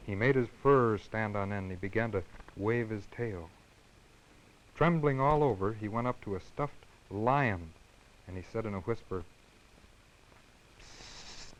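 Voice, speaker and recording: Man gently reading a children's storybook aloud. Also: fairly low pitch, slight background noise, poor audio. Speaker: children's television host.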